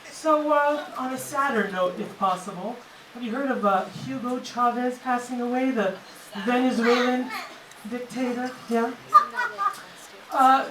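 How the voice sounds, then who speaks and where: A woman with a high, slightly bright voice does brash, mocking stand-up in a comedy club, hitting her lines with punch. The audio comes from far off in an echoey, noisy room, and the audience laughs in the background.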